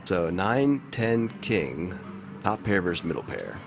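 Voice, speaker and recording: A man calling live poker hands in a relaxed, joking play-by-play style. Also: low-pitched, takes it slowly, creaky, faint music behind. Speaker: poker commentator.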